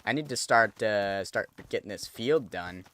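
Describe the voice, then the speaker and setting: A man's voice: fairly low pitch, expressive, unhurried, pushed and bright. A man streaming a game, chatting casually to viewers as he thinks aloud and corrects himself. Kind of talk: casual gameplay commentary.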